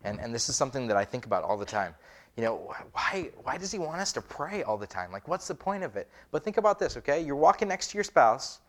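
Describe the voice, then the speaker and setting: A man's voice: mid-range voice, sing-song, fast talker. A man, a pastor, preaching a conversational sermon with many rhetorical questions. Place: church.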